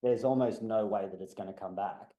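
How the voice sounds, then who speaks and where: Aussie guy ranting on a podcast, blunt, swears a lot, warm low-ish voice, echoey room. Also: a little fast. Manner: blunt, heated and profane. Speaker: podcast guest. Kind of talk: casual podcast chat.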